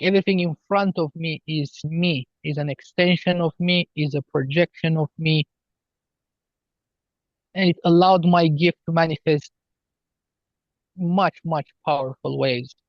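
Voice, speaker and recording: A man talking as a healer guest on a podcast, slow and earnest as he explains spiritual ideas. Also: on the high side, no echo, lo-fi sound. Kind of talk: podcast interview.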